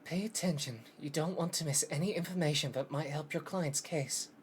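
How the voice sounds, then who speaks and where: A man voicing a composed, instructive female mentor lawyer in a soft, advising tone. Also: fairly high pitch, a little fast, a little hiss or hum, lightly acted.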